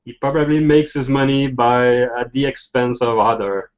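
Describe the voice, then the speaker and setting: A man narrating a tabletop game as game master, halting and laughing between phrases. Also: mid-range voice, steady tone. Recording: dull lo-fi recording.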